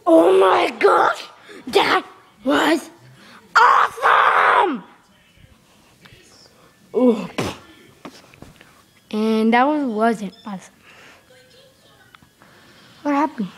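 Woman with a high, slow, gravelly voice, playfully acting out an improvised story with melodramatic swings from shrieks to whispers. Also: lively intonation. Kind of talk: improvised play-acting narration.

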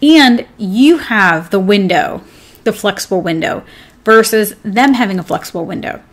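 Woman, business coach, live online class, chatty, upbeat, rambling, mid-pitched voice. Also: animated, moderate pace. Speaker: pet grooming business coach. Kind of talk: casual live class talk. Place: home with her dog nearby.

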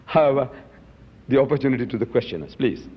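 A man's voice: mid-range voice, animated, fast. A man answering audience questions at a public debate, emphatic and full of rhetorical questions. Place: lecture hall. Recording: dull lo-fi hall with long reverb.

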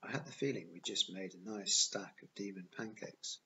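A man reads a novel aloud in an even, plain first-person narration. His voice is on the low side. The recording sounds dull and lo-fi. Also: normal speed, slight background noise. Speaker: audiobook reader.

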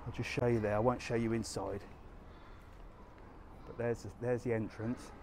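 A man's voice: mid-range voice, flat delivery, moderate pace, darkish tone, a little hiss or hum. Chatty man vlogging while walking. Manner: chatty, down-to-earth, answers viewer questions while walking. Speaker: travel vlogger answering live chat. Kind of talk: casual live-stream walking vlog. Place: outdoors on a sunny seaside resort street.

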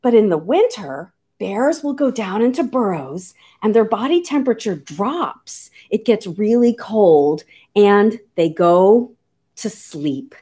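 A woman who teaches nature to children, speaking in an animated, sing-song, coaxing way as she shows live animals. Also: mid-range voice, measured pace, slightly rough. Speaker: nature educator.

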